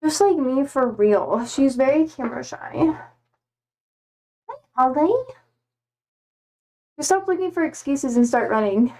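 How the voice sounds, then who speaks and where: Young woman, casual streamer, high bright-pitched and unhurried, bubbly and gushing. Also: lively intonation, poor audio. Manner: bubbly, gushing over her cats with baby talk. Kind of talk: casual live-stream chat.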